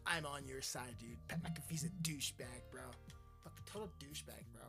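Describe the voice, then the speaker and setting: A podcast host with a mid-range voice speaks at a normal speed in a casual, profane rant. He rambles crudely and mocks things while loud music plays in the background.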